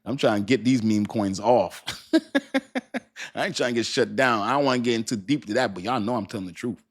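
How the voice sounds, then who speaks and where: A man's voice: medium pitch, big pitch swings, normal speed. A man hosting a casual livestream, chatting loosely, laughing often and answering his chat. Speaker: crypto livestream host.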